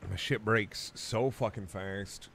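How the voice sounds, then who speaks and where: A man's voice: lowish voice, takes it slowly, fairly bright tone, slight background noise. A young man streaming a video game, chatting casually and ranting with lots of swearing. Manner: crude, profane, ranting. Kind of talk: casual gaming stream chat.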